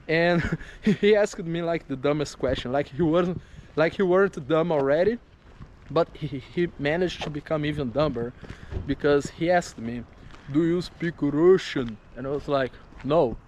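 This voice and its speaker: A young man, a travel vlogger telling a story to camera outdoors in a city, animated and incredulous, laughing as he talks. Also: fairly high pitch, normal speed, slight background noise. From Brazil.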